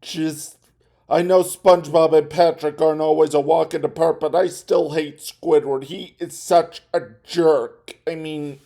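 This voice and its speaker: A man's voice: on the high side, fairly even intonation, unhurried, gravelly, dark tone. A man hosting a casual commentary vlog, rambling and correcting himself as he talks. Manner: rambling, self-correcting, chatty. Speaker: vlog host.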